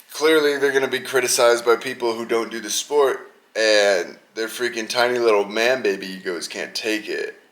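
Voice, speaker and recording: A young man hosting a podcast, talking casually and rambling in an animated, slangy way about an upcoming fight card. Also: lowish voice. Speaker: podcast host. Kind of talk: casual sports chat.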